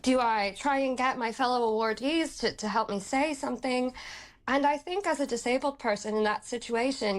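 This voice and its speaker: A woman from outside the UK, a campaigner, speaking earnestly and in a measured way in a radio interview. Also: a little high.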